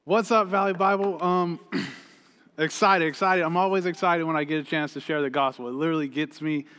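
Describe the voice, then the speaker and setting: A man in his thirties preaching a sermon, energetic and chatty, telling a family story with laughs. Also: a little high, moderate pace, long reverb tail. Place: church hall stage.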